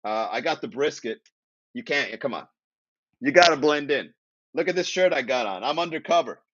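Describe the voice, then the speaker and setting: A man's voice: medium pitch, lively intonation, moderate pace, a bit bright, no room sound, muffled recording. A man from Miami hosting a casual comedy livestream, joking and chatting with viewers, laughing at his own jokes. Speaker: comedy podcast host.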